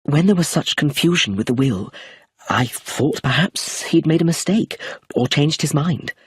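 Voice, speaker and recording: Man doing a calm serious young woman in an audiobook, soft and firm, husky tone. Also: on the high side, measured pace, no room sound, clean studio sound, voice pushed up, full character voice. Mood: fearful. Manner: quiet, steady, decided.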